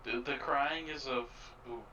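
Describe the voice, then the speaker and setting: Man, tabletop player, bright tense voice, halting, distant from mic. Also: mid-range voice, steady tone, highs cut off, a little hiss or hum. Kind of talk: casual tabletop role-play.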